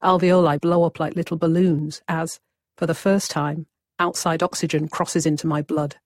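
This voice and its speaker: Narrator, wry and vivid first-person storytelling, mid-pitched, close and dry. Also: flat delivery, normal speed, dry recording.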